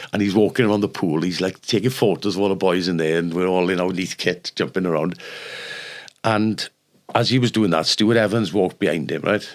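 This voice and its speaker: An older Welsh man and former rugby player, telling lively stories on a podcast and acting out the people in them. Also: sits low. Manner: animated anecdotes, acts out the people in his stories. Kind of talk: casual storytelling.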